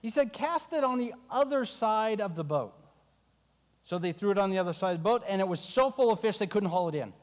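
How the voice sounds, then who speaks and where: High-voiced preacher in a big hall. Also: male voice, fairly quick. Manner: animated, acting out the disciples' voices. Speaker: pastor. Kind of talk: sermon.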